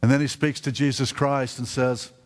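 A man's voice: medium pitch, little pitch movement, moderate pace. A man preaching a sermon in a church, earnest and prone to stammered restarts. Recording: reverberant hall.

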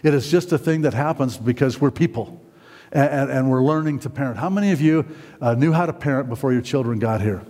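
A man's voice: mid-range voice, brisk, mellow. A middle-aged man preaching a sermon in a church hall, rambling with many fillers and restarts and putting questions to the congregation. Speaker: pastor.

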